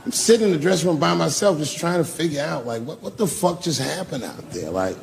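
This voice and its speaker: Gravelly-voiced profane stand-up comedian. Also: male voice, fairly high pitch, animated, a little fast, a little hiss or hum. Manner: profane, loose conversational delivery. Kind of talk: live stand-up storytelling.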